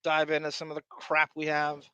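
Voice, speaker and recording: A man co-hosting a comedy podcast, teasing his partners and getting worked up over trivial things. His voice is bright and a touch high, swinging up and down. The sound is close and dry. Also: a little fast, clean tone, no echo, dull audio. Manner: teasing, excitable, laughs often. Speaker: podcast co-host. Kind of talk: casual comedic chat.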